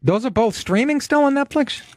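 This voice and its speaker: A man's voice: very high voice, lively intonation, normal speed, dry recording, clean studio sound. A man hosting a casual comedy podcast, joking and incredulous as he chats with his guest. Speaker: podcast host.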